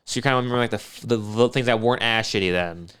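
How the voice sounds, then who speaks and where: A man's voice: on the low side, very fast, fairly bright tone, clean tone. A man co-hosting a podcast in casual banter, sarcastic and teasing, swearing freely. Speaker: podcast co-host.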